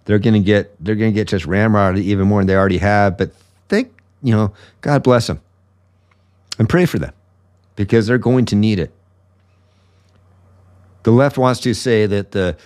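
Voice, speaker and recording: A man's voice: on the low side, normal speed, long pauses, a little mellow, dry recording. A man hosting his own podcast, delivering a blunt, sarcastic political commentary monologue with open indignation. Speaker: podcast host.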